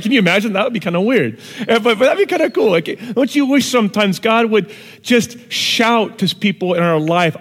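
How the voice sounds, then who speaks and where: Pastor, male, fairly high voice, animated sermon delivery, long church-hall reverb. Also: a little fast. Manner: animated, shifts from hushed to shouting for emphasis.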